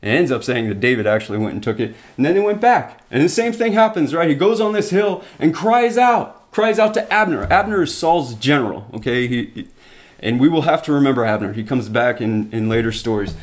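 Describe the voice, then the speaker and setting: A man's voice: mid-range voice, animated, brisk. A man teaching a Bible study, retelling scripture stories in plain everyday words with restarts and asides.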